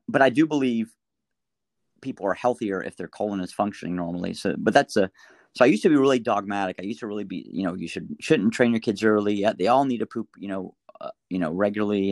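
A middle-aged man, a doctor talking through a story and advice in a casual interview, animated, with frequent restarts. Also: lowish voice, dry recording. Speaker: pediatric doctor guest.

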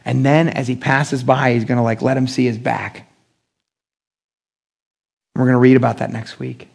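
A male pastor preaching an animated sermon, acting out the quotes with big pitch jumps and joking with the congregation. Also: moderate pace, creaky.

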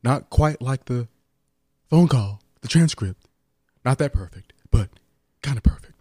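A man's voice: medium pitch, animated, a little slow, warm tone, dry recording, studio quality. A man putting on a rambling, boastful president impression in a podcast chat. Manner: bragging, repetitive, pompous.

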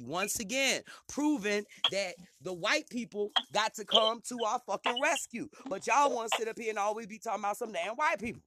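A man's voice: sits high, expressive, normal speed, hardly any pauses, bright, forceful tone, no room sound. A man hosting a talk radio show, ranting in a heated, profane way and stumbling over repeated words as he gets worked up.

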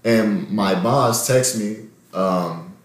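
A man's voice: on the low side, very slow. A young man casually telling a long story in heavy slang with lots of swearing, as a podcast host. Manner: slangy, profane, animated storytelling. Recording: echoey room.

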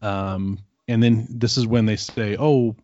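A man's voice: on the low side, flat delivery, measured pace, a little mellow, dull audio. A man co-hosting a podcast, casually recapping an episode with rambling asides and filler words. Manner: rambling, lots of ums and quoted asides. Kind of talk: casual chat.

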